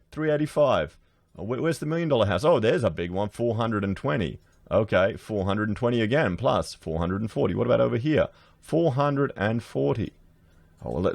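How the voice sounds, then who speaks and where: A man's voice: on the low side, no room sound. An Australian man chatting casually to his viewers, sarcastic as he browses house listings and addresses them as guys. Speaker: political commentator.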